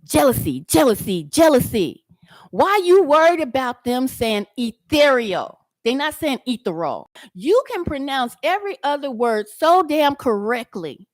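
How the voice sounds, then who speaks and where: This YouTube commentator has a high, sing-song voice and talks at normal speed, recorded cleanly in a studio with no echo. In her reaction video she answers a man head-on, mocking and confrontational, stretching out words and repeating them for emphasis.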